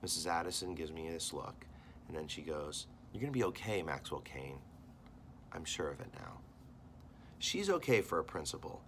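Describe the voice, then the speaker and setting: A deep-voiced American man reads a novel chapter aloud for his students, pausing to explain points as their teacher. He throws himself into the dialogue, jumping up in pitch for the characters. A faint hiss sits under the recording. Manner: animated reading, voicing characters with big jumps in pitch. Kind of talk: reading a novel aloud with classroom commentary.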